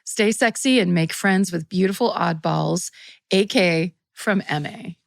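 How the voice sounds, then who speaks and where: A woman's voice: fairly low pitch, measured pace, vocal fry, no room sound. A woman co-hosting a podcast, reading a listener's story aloud with frequent laughter and chatty asides. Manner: laughs often while reading, animated. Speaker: podcast co-host.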